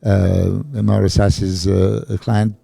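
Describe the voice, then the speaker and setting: A man with a low, gravelly voice and a dark, mellow tone talks in a casual podcast chat. He is a bodybuilding coach who speaks haltingly, stacking fillers and restarts. The sound is close and dry. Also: little pitch movement, no room sound.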